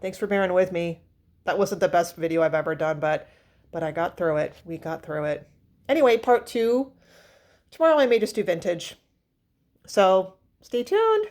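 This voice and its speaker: Chatty woman perfume vlogger, lowish voice. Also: lively intonation, normal speed, darkish tone. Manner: chatty, rambling with fillers and restarts. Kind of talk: casual chat.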